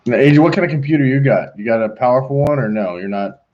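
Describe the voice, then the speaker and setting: A man's voice: medium pitch, animated, fast talker, a little mellow. Casting: middle-aged man, playful designer host who mutters while he works, dull lo-fi sound. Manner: joking, talks to himself while working. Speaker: pool designer hosting a live design call. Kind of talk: casual chat while designing on a computer. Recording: dull lo-fi stream audio.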